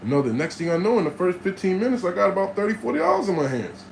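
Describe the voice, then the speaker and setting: A man telling stories from his life in a casual monologue, streetwise and animated, swearing freely and acting out the voices of people in his stories. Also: high voice, racing, vocal fry, a little hiss or hum, low-quality recording. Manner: streetwise, animated storyteller who acts out voices and cusses freely.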